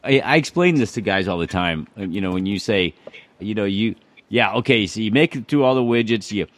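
Low-voiced guy hosting, animated and upbeat, dry mic. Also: fairly quick, no echo. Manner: lively, affirming interviewer. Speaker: podcast host. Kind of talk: casual interview.

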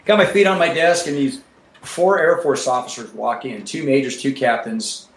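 Profane animated man in a roomy room. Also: medium pitch, moderate pace. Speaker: guest, former Marine pilot. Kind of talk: casual storytelling. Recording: roomy echo.

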